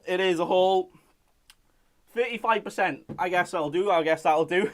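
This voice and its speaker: A man's voice: high voice, normal speed. A young man from Wales, hosting a casual live-stream chat and reading out viewer messages in a jokey way.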